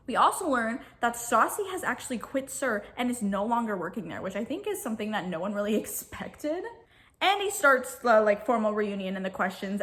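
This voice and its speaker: Speaking in a fairly high, pushed and bright voice, a woman vlogger chats through reality TV drama like she's sharing gossip. Her casual recap is full of "like" and rapid quoted voices.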